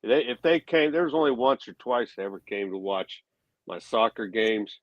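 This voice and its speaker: Podcast co-host, a man, low voice, blunt and profane, dull lo-fi dry recording. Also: expressive, normal speed, no room sound. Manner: blunt, profane, laid-back storytelling. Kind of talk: casual chat.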